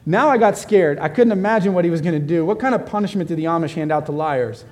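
Male pastor, a touch high-pitched, animated sermon storyteller. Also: fast talker. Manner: animated storyteller who turns quiet and gentle at the close.

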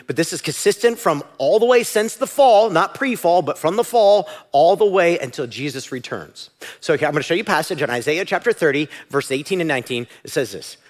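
A man preaching a sermon as pastor, animated and at times shouting. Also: on the high side.

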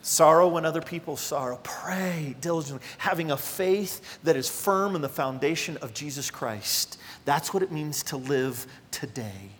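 A man's voice: on the high side, expressive, normal speed, hardly any pauses, fairly bright tone, long reverb tail. A male pastor preaching a sermon in a conversational, emphatic way, speaking straight to his congregation.

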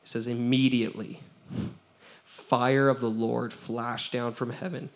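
A man, a pastor giving a lively sermon, acting out the quotes he tells and laughing often. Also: medium pitch, a little slow.

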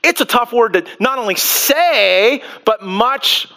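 A male pastor preaching to a congregation in church, animated and full of restarts, acting out quotes as he goes. His voice sits high for a man and has a bright, forward edge. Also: slow, gravelly. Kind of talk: sermon. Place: church before a live congregation.

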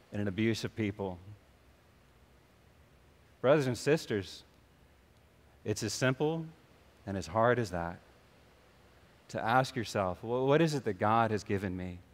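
A pastor with a lowish voice preaches a sermon in a church sanctuary, his words echoing through the large hall. He tells a story and acts out the voices of the people in his anecdotes.

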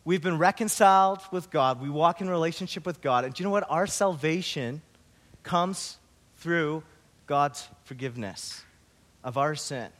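A man pastor giving a sermon, opening with a story and then preaching slowly and earnestly. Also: on the high side, fairly bright tone.

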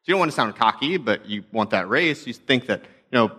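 A man's voice: medium pitch, animated, a little fast, sharp tone. A young adult man, a pastor, telling stories in a conversational, self-deprecating sermon talk.

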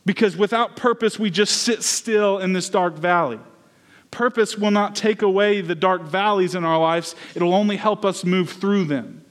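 A young man preaches a sermon in an earnest, personal way, weaving his own story into the message. His voice sits notably high for a man. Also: moderate pace. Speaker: pastor.

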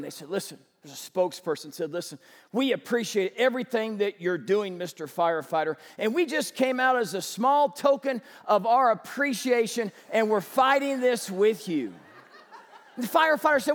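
A man preaching a sermon as pastor, telling stories with animated energy and rising to shouts. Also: extremely high pitch, normal speed, long reverb tail.

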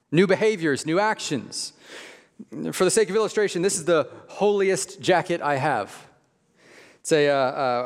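A man preaching a sermon in a conversational, emphatic way, slowing down on key phrases. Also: a little high. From Midwest. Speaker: pastor. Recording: long hall reverb.

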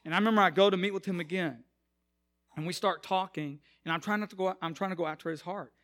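High-voiced pastor preaching. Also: male voice, fast, a bit bright. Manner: conversational, acts out quotes, rises to emphatic preaching. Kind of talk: sermon with storytelling.

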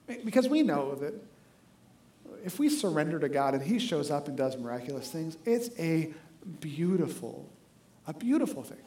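A male pastor delivers a lively sermon with a high voice, talking to the congregation conversationally and checking in with "right?" again and again. The sound is roomy, as though it were picked up in a large echoing sanctuary. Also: normal speed. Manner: animated, conversational, keeps asking "right?".

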